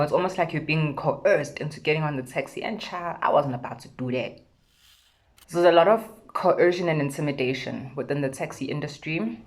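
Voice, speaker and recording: A young South African woman with a South African accent, telling a casual storytime vlog with sassy, animated retellings of conversations. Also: deep voice. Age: young adult. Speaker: vlogger.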